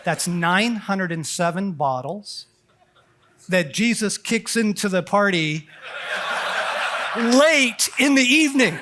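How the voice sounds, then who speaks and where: A middle-aged man giving a lively talk at a men's conference, acting out quotes, laughing often and tossing in "like" and "okay". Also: sits high, takes it slowly, pauses often, background noise. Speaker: conference speaker. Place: conference hall.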